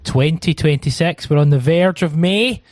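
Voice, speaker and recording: A man hosts a casual podcast in a chatty, rambling way, filling gaps with ums. His voice sits fairly high for a man. The recording is dry and close. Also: moderate pace, darkish tone, dry recording. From Scotland. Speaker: podcast host.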